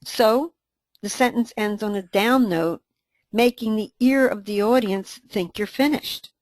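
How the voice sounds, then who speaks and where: A woman co-presenting a training webinar, reading a scripted dialogue in an even, instructive way. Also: mid-range voice, a little slow, no room sound.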